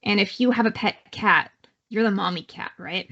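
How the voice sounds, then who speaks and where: A woman's voice: medium pitch, normal speed, bright, forceful tone, lo-fi sound. A woman with a Canadian accent giving a live online psychology lecture in a conversational way, with many fillers and restarts. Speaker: psychology instructor.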